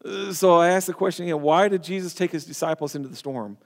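A man's voice: on the high side, fast. A man preaching a sermon as pastor, earnest and emphatic, often restarting words and phrases. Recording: long hall reverb.

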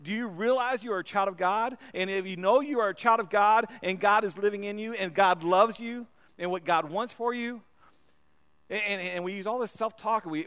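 Earnest man preaching, fairly high voice. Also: a bit bright. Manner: earnest, repeats himself, stumbles over words. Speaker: pastor. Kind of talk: sermon.

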